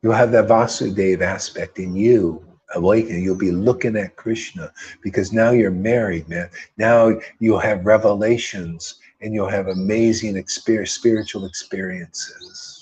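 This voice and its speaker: This spiritual teacher's voice sits on the low side, swinging hugely in pitch, unhurried and darkish. His informal preaching is fervent and rambling, laced with slang and mocking impressions of other people.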